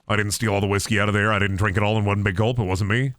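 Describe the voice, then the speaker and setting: A man's voice: fairly low pitch, level tone, rapid-fire, a bit bright, no echo, clean studio sound. A young man streaming a video game, joking around in a goofy, playful way and slipping into silly voices. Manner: goofy, jokey, often putting on silly voices. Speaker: gaming streamer.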